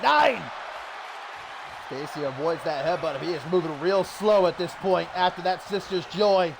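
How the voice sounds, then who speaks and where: A man calling a wrestling match play by play, getting excited and shouting at the big moments. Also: fairly high pitch, normal speed. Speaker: wrestling commentator. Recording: loud crowd and noise behind. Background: cheering crowd.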